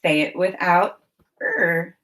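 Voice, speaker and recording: A woman teacher leading a children's phonics lesson, speaking in slow, clearly enunciated prompts with encouragement. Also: lowish voice, sing-song, fairly bright tone.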